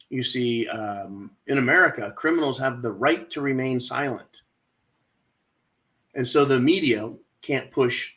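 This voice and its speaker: His voice sits in the middle range and sounds a bit bright. Hosting his own channel, he delivers a sarcastic, mocking political rant, calling out to "folks" and asking "right?" again and again.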